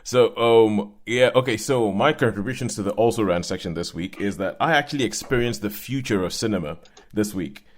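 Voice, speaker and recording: Teasing podcast host, low voice. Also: male voice, a little fast. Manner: teasing, laughs often. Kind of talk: casual chat.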